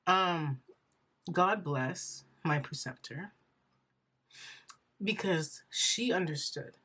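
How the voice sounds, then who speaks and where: Husky young woman telling an emotional story. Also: lowish voice, expressive, extremely slow, bright, forceful tone. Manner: earnest and rambling, with many fillers; emotional, close to tears. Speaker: vlogger.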